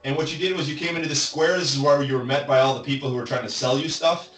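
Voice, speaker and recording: A man narrating and running a tabletop fantasy game as game master, talking in a quick, easygoing way. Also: medium pitch, fairly even intonation, fairly bright tone, echoey room, recorded from a distance, soft background music, poor audio.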